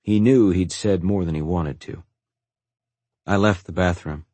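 A man with a very low, husky voice reads a first-person story in a calm, reflective way. The recording is dry and close, with no room around it. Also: unhurried, no echo. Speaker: narrator. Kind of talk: first-person audiobook narration.

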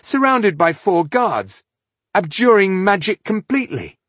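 A man's voice: fairly high pitch, big pitch swings, moderate pace, a little mellow, breathy edge, no room sound, voice pushed up. A man reading an audiobook, voicing an anxious male actor who speaks in a pleading, soothing way. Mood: placating.

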